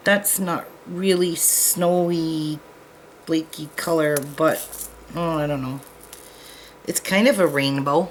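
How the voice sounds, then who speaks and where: Woman, low-pitched, chatty self-deprecating craft tutorial host, faint hiss behind her. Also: steady tone, takes it slowly, long pauses, poor audio. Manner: chatty, self-deprecating, talks to viewers while working.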